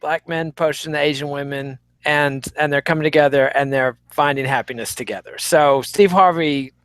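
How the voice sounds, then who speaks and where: A man's voice: a little high, steady tone, normal speed, fairly bright tone, clean tone, no echo. A man giving wry, opinionated commentary in podcast chat. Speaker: podcast co-host.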